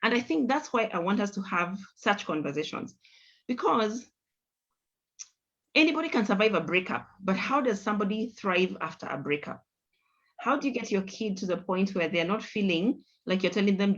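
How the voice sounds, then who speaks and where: A woman's voice: medium pitch, lively intonation, normal speed, a bit bright. Woman host, middle-aged, earnest, reflective, dull lo-fi audio. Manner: earnest, reflective, repeats points for emphasis. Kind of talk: conversational panel discussion.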